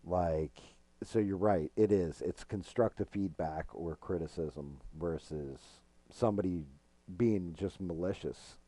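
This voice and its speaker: A man's voice: deep voice, unhurried, dark tone, no room sound. A middle-aged man streaming a game, talking frankly and rambling, with plenty of profanity. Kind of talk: casual gaming stream chat.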